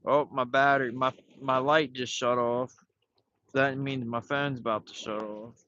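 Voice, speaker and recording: Easygoing fishing-stream host, man, bright forward voice, outdoors on a phone mic, slightly dull sound. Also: medium pitch, fairly even intonation, unhurried. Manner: laid-back, talks to himself while fishing. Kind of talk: casual rambling live chat.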